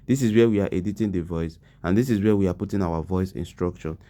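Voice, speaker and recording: Male tutor, deep and warm-toned, patient step-by-step guide who keeps asking viewers if they follow. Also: fast. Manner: explains step by step, asks viewers questions often. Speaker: tutorial host. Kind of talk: screen-recorded tutorial walkthrough.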